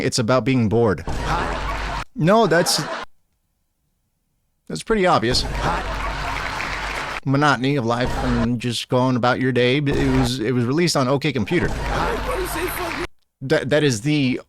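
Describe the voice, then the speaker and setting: A man's voice: mid-range voice, a little slow, long pauses, crowd noise, background noise. Rambling joking young man streaming. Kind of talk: casual live-stream chat.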